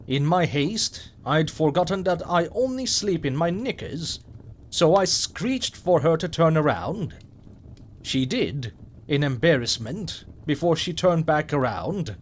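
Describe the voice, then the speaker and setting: A man narrating a scripted horror story in a measured, wry way. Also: fairly high pitch, slightly rough.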